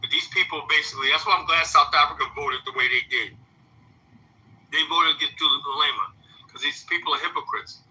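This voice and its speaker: A man's voice: a little high, brisk, sharp tone, breathy edge, low-quality recording. A man giving heated commentary, firing off blunt rhetorical questions and repeating himself. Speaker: commentator in a played clip. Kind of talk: heated commentary reacting to a clip.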